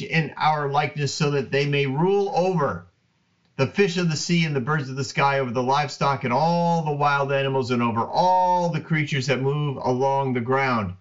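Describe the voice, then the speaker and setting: A man's voice: on the high side, muffled recording. A man teaching the Bible in a casual, earnest talk, reading verses aloud. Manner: earnest and animated, reads scripture aloud.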